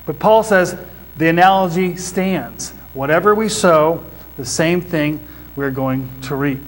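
A pastor preaches to a congregation in church, teaching through scripture and posing questions to his listeners. His voice is a little high and a little slow, and the audio is poor.

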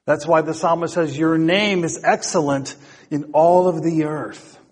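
Slow, high-voiced male preacher. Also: steady tone, a little mellow, long reverb tail. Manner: asks rhetorical questions, repeats phrases. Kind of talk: sermon.

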